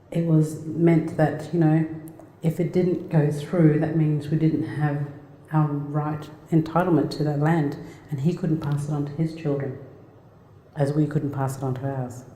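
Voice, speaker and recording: A middle-aged woman from Australia giving a personal talk, telling a family story in a plain, halting, reflective way. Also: low voice, dark tone. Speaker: speaker. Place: lecture hall. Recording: echoey hall.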